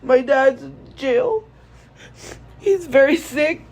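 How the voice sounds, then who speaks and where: A young woman streamer speaking to viewers in a tearful, halting way, grief-stricken and repeating herself. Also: sits high, lively intonation, a little mellow, poor audio. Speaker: live streamer. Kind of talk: emotional monologue to viewers.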